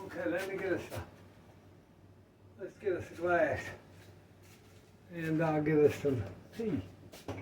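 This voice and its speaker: A man's voice: on the high side, measured pace, long pauses, a little mellow, distant mic, a little hiss or hum, rough recording. An older man, chatting in a folksy, rambling way while cooking in his home kitchen. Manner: folksy, rambling, talks to viewers as y'all. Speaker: cooking vlogger. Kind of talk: casual home cooking chat.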